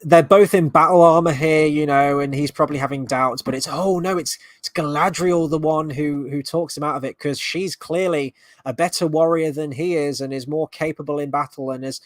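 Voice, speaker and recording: A man's voice: a little high, steady tone, normal speed, hardly any pauses, no echo. A man hosting a fan reaction video, talking casually with sarcastic, exasperated commentary and frequent swearing.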